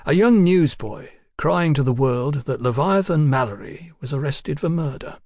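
A male narrator voicing a dry, deliberate Victorian police detective who questions politely and speaks in measured tones. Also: on the high side, animated, a little mellow, dry recording.

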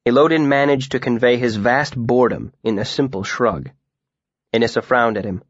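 A man narrating an audiobook in the first person, steady and wry. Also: mid-range voice, normal speed, husky, no echo. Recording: dull, dry studio audiobook recording.

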